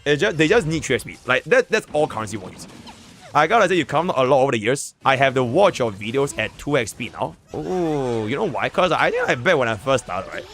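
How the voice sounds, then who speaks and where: A man's voice: mid-range voice, expressive, brisk, fairly bright tone, soft background music. A young man with a Singaporean English accent doing casual, slangy, profane live commentary while playing a game and talking to his chat. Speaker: streamer.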